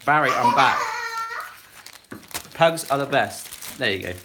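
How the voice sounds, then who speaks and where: A man's voice: mid-range voice, lively intonation, unhurried, heavy background noise. A man in his thirties hosting a casual live cooking demo in his home kitchen, chatting away and reading viewer comments aloud as he cooks. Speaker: cooking live-stream host.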